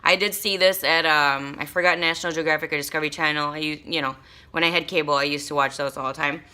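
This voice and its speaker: Chatty young mom, bright voice. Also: female voice, deep voice, steady tone, quick pace. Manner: chatty, rambling with many ums and likes. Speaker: vlogger. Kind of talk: casual haul vlog.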